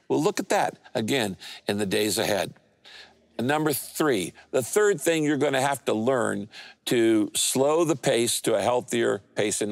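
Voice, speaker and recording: A male pastor preaching a sermon. He speaks emphatically, often quizzing the congregation, and shifts his pitch and pace for effect. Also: dry recording. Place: church stage speaking to several campuses.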